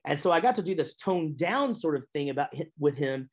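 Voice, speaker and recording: A middle-aged man, a musician and voice actor, chatting as a podcast guest in a lively, rambling way. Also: a little fast. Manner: chatty and animated, with big pitch swings when telling stories. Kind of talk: casual interview chat.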